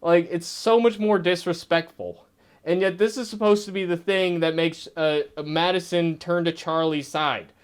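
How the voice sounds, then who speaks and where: A man's voice: high-pitched, fairly even intonation, normal speed, clear, resonant tone. A man reviewing a TV episode in a casual vlog, sarcastic and profane, laughing as he rants. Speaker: TV show reviewer.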